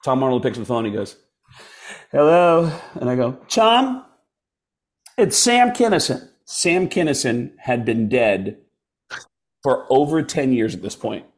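A man's voice: medium pitch, moderate pace. A stand-up comedian telling a story in casual chat, jumping into voices as he goes. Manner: animated storyteller who slips into voices. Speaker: comedian guest.

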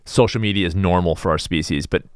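Blunt sarcastic man with a low voice. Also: quick pace, smooth, no echo, clean studio sound. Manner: blunt, sarcastic, animated asides. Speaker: podcast host. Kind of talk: casual opinionated monologue.

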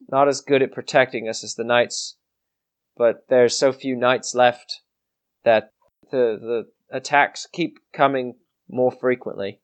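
A nervous male companion, as a man puts him on in a tabletop game. He stammers and restarts, slow and hesitant, urging the group onward. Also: mid-range voice, smooth, natural voice.

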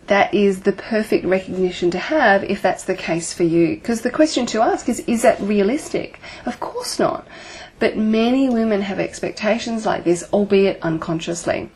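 A woman's voice: medium pitch, normal speed, breathy edge. A woman relationship coach talking to her listeners, asking earnest rhetorical questions and swearing now and then.

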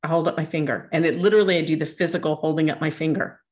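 A woman's voice: sits low, steady tone, very fast, a little mellow. A woman in casual conversation, sharing a tip in an encouraging way. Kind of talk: casual chat.

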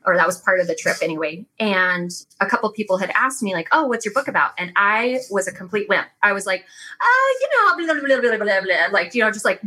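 A woman talking as a podcast guest in casual chat, telling stories in an animated way with many fillers. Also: fairly low pitch, low-quality recording.

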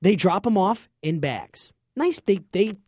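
A man's voice: high-pitched, lively intonation, unhurried, a little mellow, slightly rough, no room sound, clean studio sound. Chatty man telling a story. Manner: chatty, joking, self-censoring slang. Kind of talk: casual storytelling chat.

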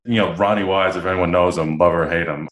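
Guy with a real low voice telling stories on a podcast, does little voices for people he's quoting, sounds kinda roomy. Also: fairly quick. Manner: animated, acts out quoted dialogue. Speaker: podcast guest. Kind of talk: casual storytelling interview. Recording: roomy echo.

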